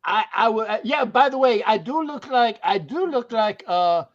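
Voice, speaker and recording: A man's voice: high-pitched, expressive, normal speed. A man hosting a sports podcast, talking in a joking, boisterous way and breaking into song. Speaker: podcast host. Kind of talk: casual sports talk. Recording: dull lo-fi audio.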